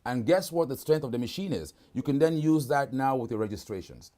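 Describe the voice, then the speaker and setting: A man with a mellow, medium-pitched voice speaks expressively and briskly while hosting a live product demo over a video call. He keeps it casual and repeatedly checks in by asking "right?"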